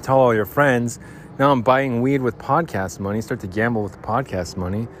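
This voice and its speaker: A man's voice: medium pitch, moderate pace, a little hiss or hum. Rambling, slangy middle-aged man. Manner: rambling, slangy, keeps saying dude. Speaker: podcast host. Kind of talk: rambling casual monologue.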